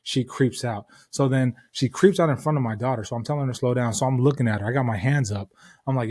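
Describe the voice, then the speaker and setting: Podcast host, male, mid-pitched, dry close mic, swearing through a heated story. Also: fast, no room sound. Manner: profane, heated, animated retelling. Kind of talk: casual storytelling.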